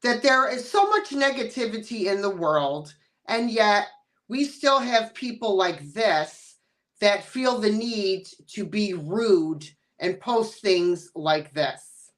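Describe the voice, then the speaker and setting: Slow, relaxed chatty woman host. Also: mid-range voice. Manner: relaxed, chatty, laughs easily. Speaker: channel host. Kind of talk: casual live-stream chat.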